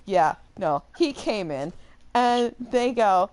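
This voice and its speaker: Animated young woman telling a story. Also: mid-range voice, takes it slowly. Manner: animated, rambling, full of fillers and laughter. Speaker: gaming channel host. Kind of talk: casual storytelling while playing a game.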